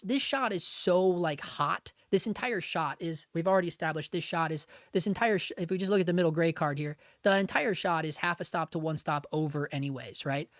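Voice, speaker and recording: A man's voice: high voice, no room sound, clean studio sound. A man hosting a livestream, chatting casually and rambling as he teaches camera exposure, with lots of slang fillers. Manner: loose, rambling, heavy on filler slang like bro and dude. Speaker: livestream host, cinematographer.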